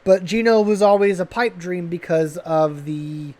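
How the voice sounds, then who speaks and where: A man co-hosts a gaming podcast at a measured pace, his voice high-pitched. The conversation is relaxed; he rambles with enthusiasm, keeps breaking off and starting sentences over, and stays loose and chatty.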